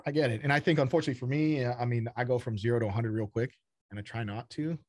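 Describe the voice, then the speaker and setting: A man's voice: medium pitch, fast talker, dry recording, studio quality. A man from Texas, a startup founder speaking as a podcast guest, talking bluntly and casually, swearing and repeating words as he goes.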